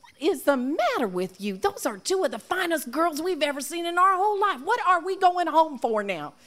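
A woman voicing a swaggering, smooth-talking male wolf in a folk tale, with a brash folksy drawl. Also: lowish voice, sing-song, normal speed.

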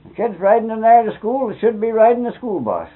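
Älterer Mann, erzählt derb, blechern. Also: male voice, high-pitched, very animated, brisk, husky. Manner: folksy, colloquial, swears mildly. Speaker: interviewee. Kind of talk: rambling anecdotal storytelling. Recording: tinny narrow-band old tape.

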